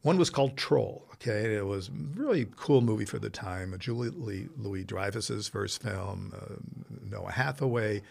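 A man hosting a casual chat, telling long, animated anecdotes full of restarts and asides. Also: fairly low pitch, moderate pace, creaky, few pauses. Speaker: host.

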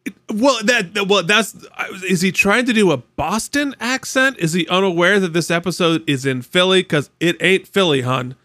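A man co-hosting a podcast, chatting casually with animated, joking asides. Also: high-pitched, normal speed, hardly any pauses, no echo. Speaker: podcast co-host. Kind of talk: casual chat reacting to a TV show.

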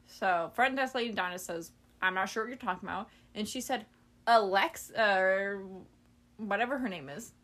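Bright-voiced woman telling a story. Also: medium pitch, normal speed. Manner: animated, acts out quoted people; swears casually. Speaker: podcast host. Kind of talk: casual storytelling chat.

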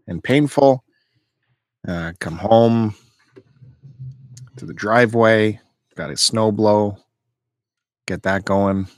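A man's voice: on the low side, no room sound. A man co-hosting a casual podcast from home, chewing food as he talks and trading light banter. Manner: chewing while talking, relaxed banter. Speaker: podcast co-host. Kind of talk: casual chat.

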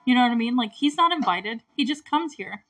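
A woman's voice: fairly high pitch, expressive, fairly quick, fairly bright tone. A woman casually recapping a movie, chatty and indignant, with lots of "like". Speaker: movie reviewer.

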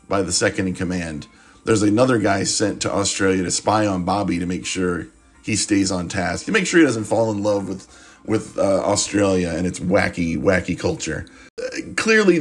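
A man hosting a podcast, reviewing a movie in a sarcastic, rambling comic monologue. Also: on the low side. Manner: sarcastic, rambling, swears casually.

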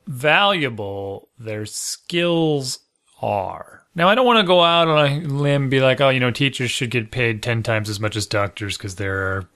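A man's voice: mid-range voice, pushed and bright. Rambling, self-deprecating man in casual chat. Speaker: podcast co-host.

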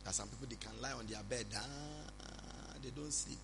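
A man preaching a sermon, speaking calmly and reassuringly to his congregation. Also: mid-range voice, moderate pace, background noise. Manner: preaching, shifts from loud prayer to calm counsel. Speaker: pastor.

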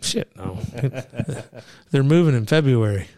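A man's voice: medium pitch, lively intonation, slow pace, dark tone, no echo, clean studio sound. A man hosting a podcast, telling crude, rambling, profane stories in casual banter. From Arizona. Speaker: podcast host.

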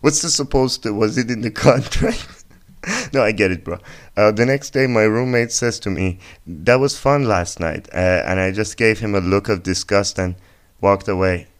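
A man's voice: lowish voice, moderate pace. Male podcast host, joking and crude, reads a listener story with lots of laughing asides. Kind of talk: casual comedic story reading.

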